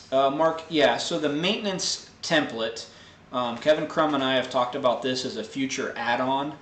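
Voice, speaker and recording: A man hosting a live question-and-answer show, explaining technical answers in a relaxed way with many fillers. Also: medium pitch, unhurried, echoey room, a little hiss or hum. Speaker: host answering viewer tech questions. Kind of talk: casual live Q&A.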